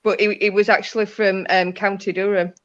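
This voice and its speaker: A woman with a Yorkshire accent answering a psychic's questions in short, quiet replies. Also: medium pitch, flat delivery, brisk, lo-fi sound. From West Yorkshire. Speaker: sitter receiving a reading.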